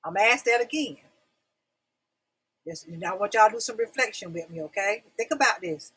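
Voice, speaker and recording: A woman's voice: mid-range voice, lively intonation, brisk, fairly bright tone, husky, poor audio. A middle-aged woman hosting a casual livestream talk show, chatty and repetitive, talking straight to her viewers. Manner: chatty, repeats phrases, calls audience y'all.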